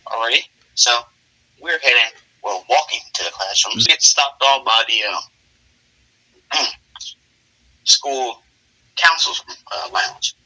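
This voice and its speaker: Bright-voiced man rambling through a story. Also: medium pitch, slow, pauses often, poor audio. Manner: relaxed, rambling narration with many fillers. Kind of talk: casual improvised role-play storytelling.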